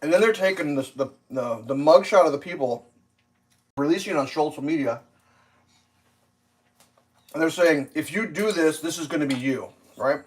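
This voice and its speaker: A man's voice: on the high side, normal speed, pauses often, rough recording. A man hosting a casual livestream while cooking, rambling and swearing, with lots of fillers, and faint kitchen clatter behind him. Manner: rambling, profane, filler-heavy. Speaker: livestream host.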